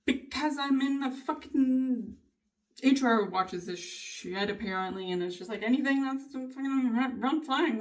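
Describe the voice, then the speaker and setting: A woman's voice: fairly high pitch, distant mic. A woman vlogger talking casually in a diary style, candid and swearing freely as she vents. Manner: candid, frequent swearing, venting with bursts of laughter.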